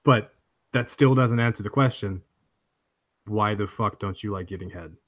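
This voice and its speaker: A man's voice: on the low side, normal speed, muffled recording. A man chatting casually, crude and blunt, often stumbling over repeated words. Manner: blunt, crude, stammers on restarts. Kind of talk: casual chat.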